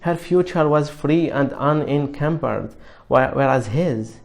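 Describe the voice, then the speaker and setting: A man reading a novel aloud in a measured narration with small restarts. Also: on the high side, gravelly. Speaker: reader.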